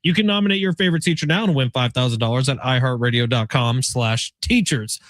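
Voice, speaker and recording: A man's voice: medium pitch, fast, fairly bright tone, dry recording, studio quality. An American man hosting a sports radio show, chatting casually and joking with his co-host. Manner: upbeat, chatty, jokey. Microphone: studio broadcast mic.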